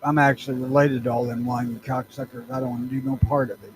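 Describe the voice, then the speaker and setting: A man on a comedy podcast, delivering dry, deadpan one-liners from outside near a street. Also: mid-range voice, fast, a little hiss or hum, low-quality recording.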